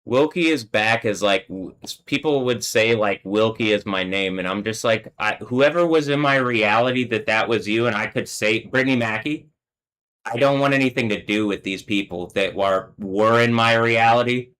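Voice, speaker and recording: A man's voice: fairly low pitch, moderate pace, a bit bright, clean tone, rough recording. Agitated man ranting on a livestream. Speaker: livestream host. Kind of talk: solo livestream rant.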